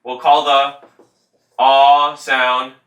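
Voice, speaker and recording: A man's voice: mid-range voice, flat delivery, fairly bright tone. Man teaching recitation, roomy distant sound. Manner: patient, demonstrating sounds slowly and repeating them. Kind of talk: tajweed lesson with spoken demonstrations.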